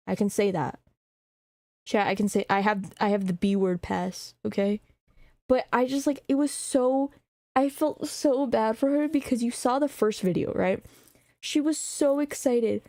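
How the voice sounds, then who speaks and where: A woman's voice: fairly high pitch, dark tone, dry recording, studio quality. A young woman streamer chatting casually, rambling, swearing freely and laughing often. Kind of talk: casual chat.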